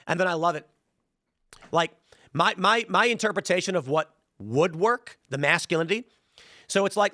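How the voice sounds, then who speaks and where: A man's voice: sits high, normal speed, long pauses, bright, forceful tone, dry recording, studio quality. A man hosting a show, giving blunt, ranting opinion commentary. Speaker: show host.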